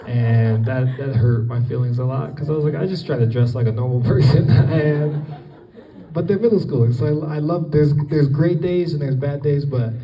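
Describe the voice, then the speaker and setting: Man speaker at an event, very dark mellow tone, loose rambling delivery full of ums, mic heard from a distance in the room. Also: medium pitch. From Colorado. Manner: rambling, many fillers and restarts. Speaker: guest speaker. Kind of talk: casual public talk. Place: event hall with an audience. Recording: distant, roomy event recording.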